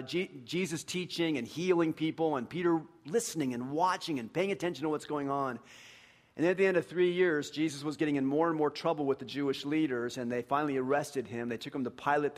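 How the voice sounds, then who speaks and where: A man preaching a sermon in a conversational storytelling way, acting out the voices of the characters in his stories. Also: fairly high pitch. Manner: animated, acts out voices, conversational.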